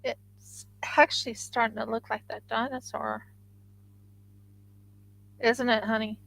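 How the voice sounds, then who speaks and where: A woman's voice: a little high, flat delivery, slow, gravelly, a bit bright, poor audio. A woman live-streaming her craft work, chatting casually and thinking aloud to viewers as she sculpts.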